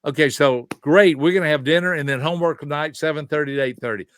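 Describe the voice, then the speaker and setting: Talking fast in a fairly high, smooth, slightly bright voice, this seventy-something behavior specialist drives home his ideas like a teacher and leans on rhetorical questions. The recording is dry and studio-clean.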